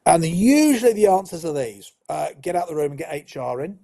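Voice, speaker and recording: Male trainer, fairly high mellow voice, down-to-earth delivery with dry wit. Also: big pitch swings, brisk, creaky. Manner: chatty and down-to-earth, with dry humour. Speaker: workplace communication trainer. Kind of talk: live-streamed training talk.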